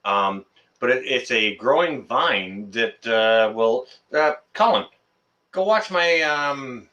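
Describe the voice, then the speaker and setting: A man's voice: medium pitch, animated, takes it slowly, pushed and bright, muffled recording. A man hosting a casual live-stream chat, joking and teasing his guest. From Canada. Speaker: channel host.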